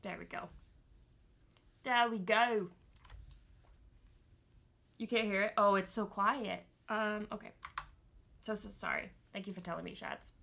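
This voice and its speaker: A woman's voice: medium pitch, creaky, pushed and bright. A woman streaming a game live, chatting to viewers, giggling and thinking aloud while she fiddles with her settings.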